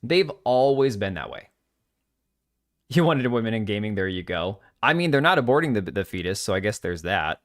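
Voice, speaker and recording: A man's voice: medium pitch, a bit bright. Young guy streamer ranting about games, lots of ups and downs in his voice, blunt. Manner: blunt, opinionated, stammering restarts. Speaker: livestream host. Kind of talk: casual gaming livestream chat.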